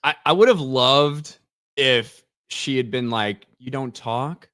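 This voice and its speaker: A man with a mid-pitched, ordinary voice chimes in as co-host with sarcastic asides. He is recorded close and dry, with no room sound. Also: slow pace, bright, forceful tone, dry recording. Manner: sarcastic interjections. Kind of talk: casual talk-show chat.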